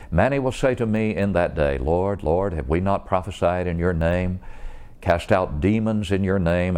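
A man with a low, deep voice delivers an evangelistic sermon. His preaching is earnest and deliberate, and he presses his listeners with searching questions. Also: darkish tone.

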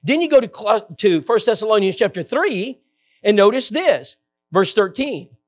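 Male preacher, Bible-teaching sermon, earnest, slow stressed scripture reading, rising emphasis. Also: sing-song. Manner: rises in pitch and volume for emphasis.

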